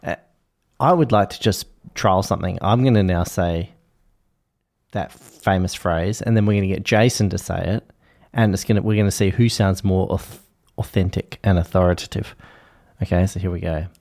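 Aussie host guy, low voice, keeps the banter moving. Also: fairly even intonation, normal speed, a little mellow. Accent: Australian. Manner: steering the talk, playful prompts. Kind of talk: casual podcast chat.

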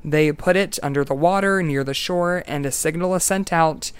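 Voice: mid-range voice, normal speed, clean tone, no echo. A podcast host telling a story in casual, playful chat, joking and laughing often.

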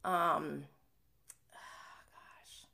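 A woman's voice: sits low, fairly even intonation, very slow, creaky, pushed and bright. A young woman hosting a live stream, chatting casually through a TV episode recap, laughing and using many fillers. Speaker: recap host.

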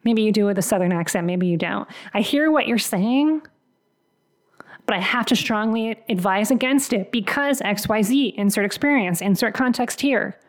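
A woman's voice: mid-range voice, normal speed. A woman giving a motivational career-coaching podcast monologue, earnest and emphatic, acting out bits of dialogue along the way.

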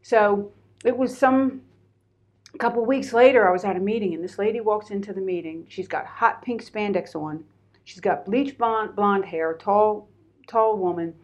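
A middle-aged woman from Pennsylvania, USA, with a mid-range voice speaks at normal speed as an interview guest. She tells her personal story in conversation, candid and animated, with lots of fillers.

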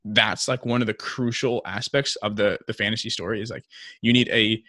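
A man's voice: lowish voice, fairly even intonation, fairly quick, pushed and bright, no room sound, studio quality. A young man co-hosting a casual podcast discussion, talking in a chatty way with lots of fillers and restarts. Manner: chatty, many likes and restarts, acts out quotes. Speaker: podcast co-host.

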